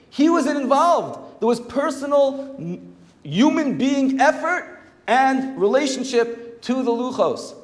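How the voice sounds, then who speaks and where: Animated man giving a Torah class. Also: very high-pitched. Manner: animated, acts out quoted voices. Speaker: rabbi teaching at a yeshiva. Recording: echoey hall with long reverb.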